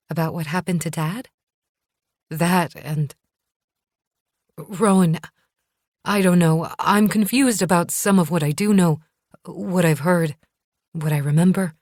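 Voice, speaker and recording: A woman's voice: on the low side, fairly even intonation, takes it slowly, pauses often, darkish tone, dry recording, studio quality. A woman narrator voicing an anxious, aging mother who worries her memory is failing.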